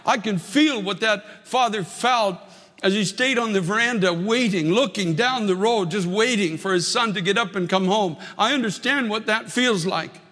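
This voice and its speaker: Older man, pastor, high-pitched voice, earnest emphatic sermon, big reverberant hall. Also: normal speed, a bit bright. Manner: earnest, emphatic preaching with repeated phrases.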